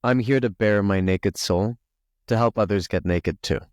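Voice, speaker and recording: A man's voice: fairly low pitch, normal speed, no echo, clean studio sound. A man, a spiritual coach and podcast guest, speaking earnestly and openly, swearing now and then. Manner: earnest, confessional, swears casually. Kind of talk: candid conversational interview.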